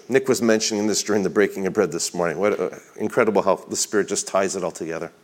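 A man preaching a sermon, explaining scripture in an earnest teaching manner, slowing down to give weight to the passages he reads, with a few restarts and repeated words. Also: sits low. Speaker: pastor.

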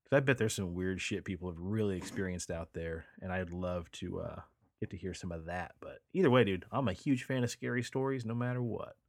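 Male podcast host, lower register, loose and profane, dry close sound. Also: fairly even intonation, a little fast, no echo. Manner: laid-back, swears casually, emphatic sign-offs. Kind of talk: casual chat.

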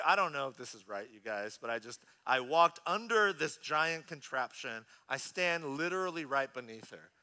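Bright-voiced pastor, man in his thirties. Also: fairly high pitch, clear, resonant tone. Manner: animated, conversational storyteller. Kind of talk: sermon with personal storytelling.

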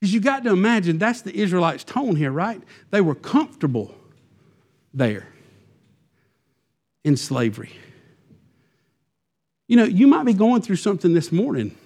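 A man preaching a sermon, animated and acting out the Israelites' complaints in quoted voices. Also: sits high, moderate pace, long pauses. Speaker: pastor.

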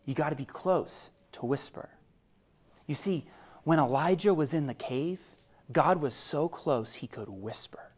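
A man preaching a sermon as pastor. He speaks conversationally to his listeners and swings from loud emphasis to a hushed near-whisper. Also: on the high side, unhurried, husky.

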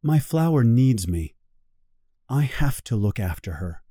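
A man reading the part of a gentle, sad little boy prince in a storybook, in a soft and wistful way. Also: medium pitch, big pitch swings, a little slow, dry recording.

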